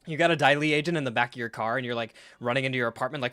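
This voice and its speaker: A man hosting a live reaction stream, talking in an animated, sarcastic way, swearing freely and acting out scenes. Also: medium pitch, brisk, dry recording, clean studio sound. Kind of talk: casual live reaction commentary.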